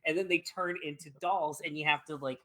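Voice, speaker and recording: A woman's voice: deep voice, fairly even intonation, brisk, fairly bright tone, low-quality recording. A woman co-hosting a gaming podcast, retelling a game scene in casual chat, swearing freely and laughing as she goes. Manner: swears often, laughs while telling. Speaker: podcast co-host.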